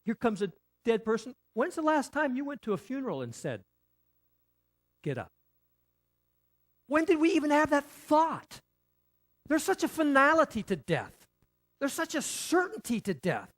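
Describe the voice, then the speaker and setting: Male pastor, conversational sermon delivery, very expressive intonation, leans on repetition and questions. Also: very high voice, normal speed. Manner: animated, rhetorical questions and repetition; frequent restarts, conversational.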